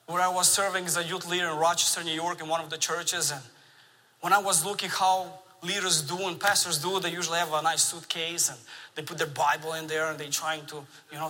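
Bright-voiced man preaching in a hall. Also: high-pitched. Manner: animated storytelling with laughs. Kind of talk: sermon. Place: large church sanctuary. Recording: long reverb of a large church hall.

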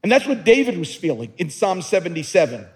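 A pastor preaches with earnest emphasis, his voice pitched high and with a husky edge. He often doubles back on his words as he presses his point. A long reverb trails behind him, as in a large hall. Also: sing-song, brisk, darkish tone. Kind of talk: sermon.

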